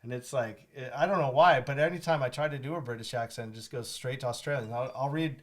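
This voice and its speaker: A man's voice: medium pitch, quick pace. A man with a mid-range voice, chatting casually as a guest. He jokes around in a playful, upbeat way. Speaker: guest friend. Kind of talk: casual chat.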